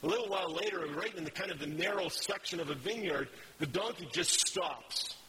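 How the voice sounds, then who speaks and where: A man preaching in a loose, conversational way, with a somewhat high, bright and forceful voice. He stumbles and restarts often, but keeps a friendly storytelling flow. A faint hiss runs underneath. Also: poor audio. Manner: casual, rambling, with fillers and self-corrections. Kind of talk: conversational sermon with slides.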